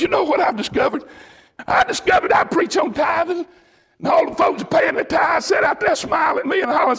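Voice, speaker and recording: A male preacher delivering a sermon, shouting in bursts as he tells a story. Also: extremely high pitch, big pitch swings, a little fast, gravelly.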